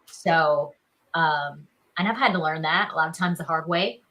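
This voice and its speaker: A woman's voice: deep voice, moderate pace, a bit bright, low-quality recording. A woman in her thirties from South Carolina with a Southern accent, chatting as an interview guest and leaning on "you know" and "like". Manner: chatty, upbeat, many fillers like "you know" and "like". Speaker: guest, actress. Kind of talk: casual interview chat.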